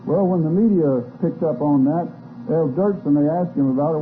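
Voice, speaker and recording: A man's voice: a little high, moderate pace. Older man, folksy lecture on old tape. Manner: folksy storyteller with wry asides. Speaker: speaker. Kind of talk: lecture to a live audience. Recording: tinny phone-like old tape with faint hiss.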